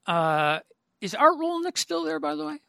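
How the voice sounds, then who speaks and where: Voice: high-pitched, big pitch swings, moderate pace, gravelly, bright, forceful tone, no room sound. A podcast host chatting casually with a guest, stammering through many restarts. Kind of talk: casual interview talk.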